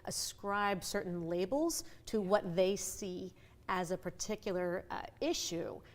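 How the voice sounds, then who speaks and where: Middle-aged woman, voice coach, animated and expressive, easy conversational interview tone. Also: mid-range voice. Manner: animated, with quick vivid asides and playful voices. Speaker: voice and communication coach.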